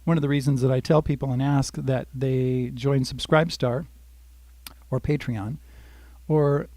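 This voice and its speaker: In a dry recording, an older man with a mid-range voice speaks a little slowly and with fairly even intonation. He's running a live-streamed guitar lesson, covering chords and strums, chatting with viewers by name, and singing lines quietly over his own guitar playing.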